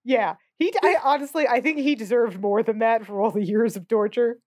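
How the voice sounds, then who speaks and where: A woman's voice: a little high, fairly quick, darkish tone, no room sound, clean studio sound. Wry, sarcastic woman podcast co-host. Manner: wry, sarcastic, laughs often. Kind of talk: casual movie discussion.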